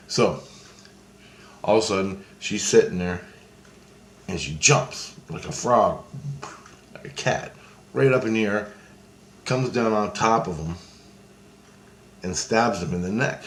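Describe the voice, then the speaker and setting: A man with a lowish, somewhat slow voice pauses often, and a faint hiss or hum sits under the audio. He's casually telling a dream in rambling, profane storytelling, restarting a lot and talking as if gesturing with his hands. The room is echoey, with faint ambience.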